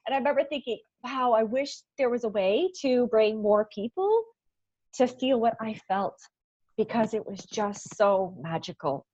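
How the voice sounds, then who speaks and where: A woman guest in an interview, telling a personal story in a heartfelt, animated way, with frequent laughs and lots of "like" fillers. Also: fairly high pitch, moderate pace, no echo, highs cut off. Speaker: guest, event founder.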